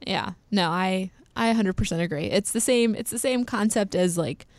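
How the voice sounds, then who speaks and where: A woman's voice: mid-range voice, moderate pace, no room sound. A young woman co-hosting a podcast, chatting casually with many fillers and small laughs. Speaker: podcast co-host. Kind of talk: casual chat.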